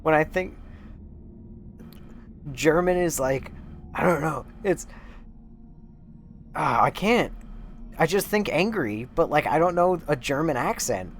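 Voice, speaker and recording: A man's voice: fairly high pitch, animated, takes it slowly, long pauses, slight background noise. A man streaming a let's play, reading in-game letters aloud and breaking into laughter.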